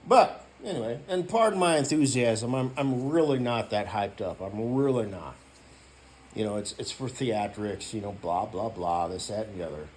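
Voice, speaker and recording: A man ranting in a casual vlog, rambling and profane, filling every gap with "you know" and now and then breaking into loud shouting. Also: lowish voice, animated, normal speed, slight background noise. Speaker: YouTuber.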